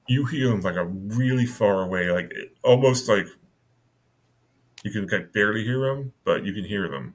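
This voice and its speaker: A man narrating as game master of a tabletop game, halting and full of fillers. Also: on the low side. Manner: halting, many fillers and restarts.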